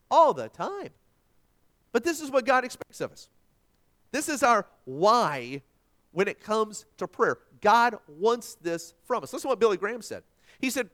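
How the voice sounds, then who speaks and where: A male pastor delivers a sermon in a folksy, animated way. His voice sits high for a man and swings widely in pitch, rising to loud emphasis and dropping into soft asides.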